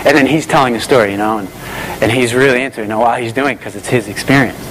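A man's voice: mid-range voice, rapid-fire, fairly bright tone, a little hiss or hum, rough recording. Enthusiastic conversational male pastor. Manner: enthusiastic, conversational, repeats phrases. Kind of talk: sermon storytelling.

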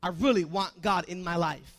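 High-voiced preaching pastor. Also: male voice, moderate pace. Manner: preaching with call-and-response questions to the congregation; swings between soft asides and loud emphatic lines. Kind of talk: sermon.

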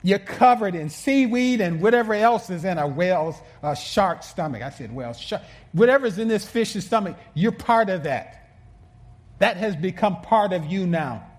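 Male pastor, slightly high voice, earnest sermon delivery with restarts and loud emphatic peaks. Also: animated, moderate pace. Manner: earnest, stumbling restarts, swings between soft asides and emphatic peaks.

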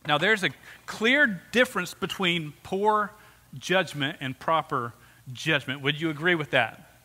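A man's voice: fairly high pitch, unhurried, sharp tone, in a large hall. A man preaching as pastor to his congregation, talking in an earnest, conversational way and putting questions to the people in front of him. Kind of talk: sermon. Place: church sanctuary.

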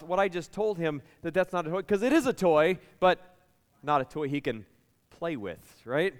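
A male pastor with a slightly higher voice, clear and resonant, talking in a chatty, animated way to his congregation. The sound hangs in the long reverb of a large church hall. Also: normal speed. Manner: lively, chatty storytelling with the congregation. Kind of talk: sermon with personal stories.

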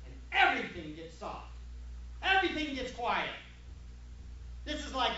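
A man preaching a sermon as pastor, emphatic, moving from hushed asides to shouted points. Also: very high-pitched, sing-song, a little slow, pauses often, muffled recording.

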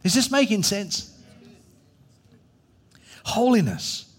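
Brief: middle-aged male pastor, higher voice, emphatic sermon delivery. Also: sing-song, takes it slowly, husky. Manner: emphatic preaching, acts out Bible voices.

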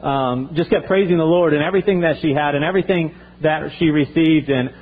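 An earnest male pastor delivers a sermon a little fast, often circling back and restarting his phrases. His voice is fairly high, and the recording sounds thin, like a phone.

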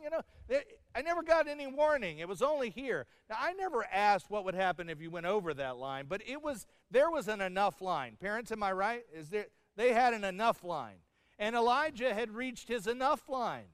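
High-voiced male pastor, smooth and clear. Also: animated, normal speed, fairly bright tone, no room sound, studio quality, in a large hall. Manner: storytelling with humor and acted-out quotes. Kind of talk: sermon.

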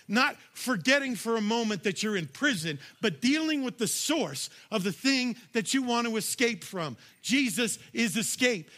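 A man's voice: sits high, a bit bright. A man preaching a sermon as pastor, talking straight to his listeners in a punchy, emphatic way and raising his voice on key lines. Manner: conversational, addresses audience directly.

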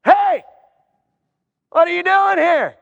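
A man voicing a brusque male gatekeeper at heaven's gates who loudly interrogates a newcomer. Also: extremely high pitch, slow, creaky, big-room sound, muffled recording, pitched above the performer's own voice, full character voice. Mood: interrogating. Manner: loud, incredulous, interrogating.

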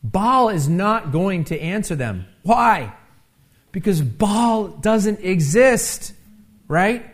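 Preacher, male, animated sermon delivery, slightly high voice, chatty asides. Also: slow. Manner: animated, rising loud when acting out the taunts; conversational asides with tag questions. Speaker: pastor.

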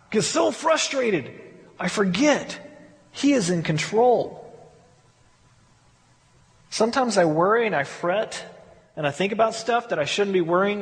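A man preaching a sermon as pastor in a candid, conversational way, often restarting his sentences, recorded in a church sanctuary. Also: high-pitched. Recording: long hall reverb.

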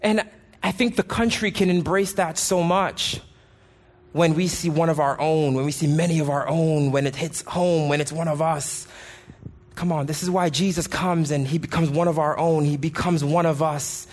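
A man preaching a sermon with passion, pleading loudly at times and then dropping his voice low. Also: fairly even intonation, normal speed. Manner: impassioned, rising to pleading shouts and dropping low.

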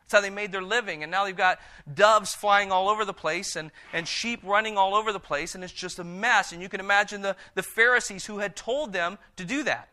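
A male preacher with a bright, ringing voice that sits a little high for a man. He drops to a slow, hushed tone for scripture and livens up when he retells it in his own words. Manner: reads scripture in a slow, hushed voice and paraphrases in a lively, animated one.

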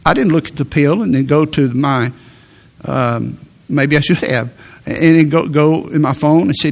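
A middle-aged male pastor delivering a sermon. His voice sits a little high for a man. He speaks earnestly and stresses points with sudden lifts. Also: moderate pace, vocal fry. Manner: earnest, emphatic preaching with sudden rises.

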